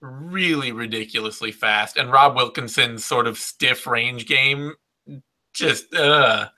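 A man in casual podcast talk, analyzing fights in an animated way with some swearing. His voice is very bright and sharp, and his pitch sits in a middle range. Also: takes it slowly. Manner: animated, swearing, talks with quoted reactions.

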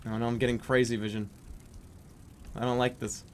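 A man's voice: medium pitch, flat delivery, brisk, a little hiss or hum. A man commenting on a horror game while he plays, joking and crudely mocking the voice acting. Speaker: streamer playing a horror game.

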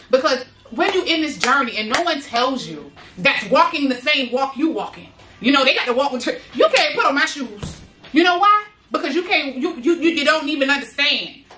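A woman with a high, bright voice speaks to other parents in a casual, emphatic motivational style, repeating her lines for weight and dropping slang along the way. Her voice rings out with a roomy echo around it. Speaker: motivational speaker, mother of boys with special needs.

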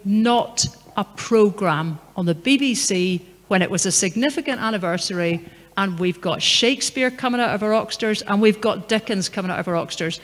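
A woman's voice: mid-range voice, normal speed. A middle-aged woman giving a public talk in a large hall, speaking in a conversational, anecdotal and emphatic way. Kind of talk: lecture and Q&A answer. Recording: long hall reverb.

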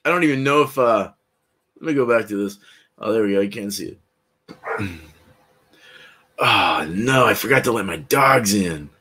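Bright-voiced laid-back man on a livestream. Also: lowish voice, lively intonation, moderate pace, pauses often, breathy edge. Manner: rambling, laid-back, laughs often, greets viewers by name. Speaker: host of a live beer review stream. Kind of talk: casual live-stream chat. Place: at home, indoors.

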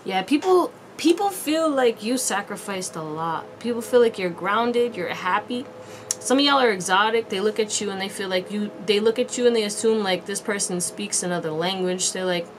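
A woman's voice: medium pitch, lively intonation, moderate pace, slight background noise. A woman giving a casual pick-a-card tarot reading to viewers, chatty and slangy with frequent laughs. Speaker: tarot reader.

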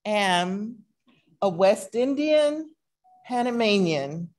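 A woman from East Texas giving a measured presentation at a conference session, telling her family's story with light humor. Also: low voice, a little mellow. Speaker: speaker. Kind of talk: formal presentation talk.

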